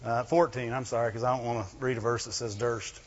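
A man preaching a sermon, animated and full of rhetorical questions, breaking into "Glory to God" again and again. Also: mid-range voice, fast talker. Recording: dull lo-fi sound in a reverberant hall.

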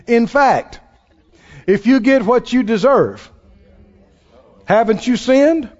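Male preacher, folksy and emphatic, high lively voice, dull recording in a reverberant hall. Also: drawn-out words. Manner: emphatic, folksy, acts out quoted people. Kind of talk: sermon.

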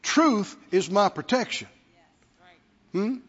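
A male pastor with a very high, fairly bright voice delivers a sermon slowly and emphatically, his intonation lively as he repeats key words and calls on the congregation to answer back. The recording is dull and lo-fi, with a long hall reverb filling the church sanctuary.

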